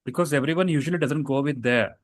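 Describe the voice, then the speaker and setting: A man's voice: on the high side, fast, no room sound. A man teaching a casual grammar lesson, explaining rules with fillers and self-corrections.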